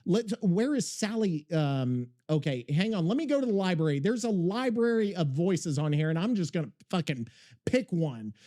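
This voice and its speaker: A man hosting a podcast in loose, casual chat, rambling and swearing constantly. His voice sits high and leaps all over the place, full of excitable energy. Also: moderate pace. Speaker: podcast host.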